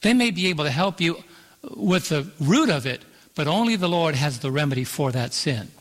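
A male pastor with a slightly high voice preaches emphatically at a moderate pace, expressive throughout. He draws out scripture verses and calls for "Amen" from the room, his words ringing in the long reverb of a church auditorium.

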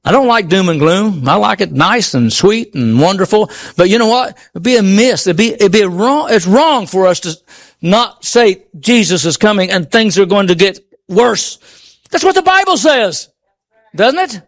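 Male preacher, high voice, emphatic sermon delivery, rhetorical questions to the pews, big swings from loud highs to hushed lows. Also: animated, normal speed. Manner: emphatic, swinging from high exclaims to low murmurs.

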